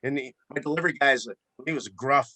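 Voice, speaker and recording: A man who runs a flower shop, telling a story in a relaxed interview with plenty of repeated words. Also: medium pitch, fast talker, dry recording. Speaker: florist and shop owner. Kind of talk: casual storytelling in a podcast interview.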